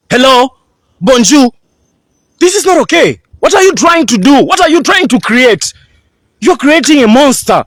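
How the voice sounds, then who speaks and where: A man's voice: extremely high pitch, sing-song, normal speed, fairly bright tone, no room sound. A man from Tanzania, furiously ranting in a video, swearing and repeating his accusations. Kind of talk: angry video rant.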